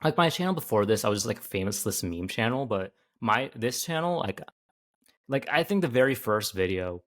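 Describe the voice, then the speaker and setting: A young man with a fairly low voice, talking casually on a podcast. He rambles, stopping and restarting and leaning on "like" over and over. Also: animated, brisk, a bit bright. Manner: rambling, fills every phrase with like. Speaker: podcast co-host, YouTuber.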